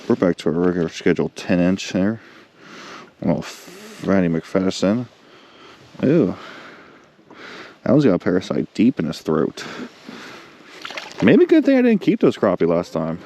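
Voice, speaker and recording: A man vlogging while fishing, chatting casually and getting excited, talking to the fish he catches. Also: deep voice, a little hiss or hum. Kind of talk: casual chat. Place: on a boat outdoors.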